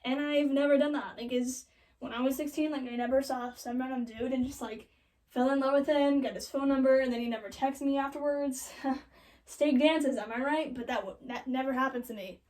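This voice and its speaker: Sarcastic young woman, high and off-mic. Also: steady tone, a little mellow, distant mic, rough recording. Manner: valley-girl casual, sarcastic asides, quick quoted voices. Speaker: comedic storyteller. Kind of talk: joking retelling of a classic play.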